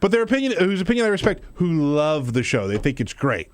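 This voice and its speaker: A man's voice: a little high, big pitch swings, fast talker. A man co-hosting a talk radio show in a studio, joking, self-deprecating and laughing often. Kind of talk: casual studio banter.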